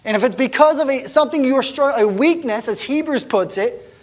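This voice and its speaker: A man preaching a sermon as a pastor, telling a personal story in a conversational way, with frequent restarts, often dropping to hushed, near-whispered tones. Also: extremely high pitch, a little fast.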